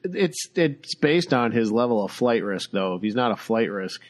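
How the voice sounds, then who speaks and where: Guy on a podcast, animated pitch, stumbles over words, argues the other side. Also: normal speed. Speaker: podcast co-host. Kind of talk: casual podcast banter.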